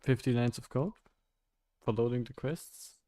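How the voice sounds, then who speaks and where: A young man streaming while coding, chatting casually with his viewers and thinking aloud in a halting way with frequent laughs. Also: medium pitch, dark tone, no echo, studio quality.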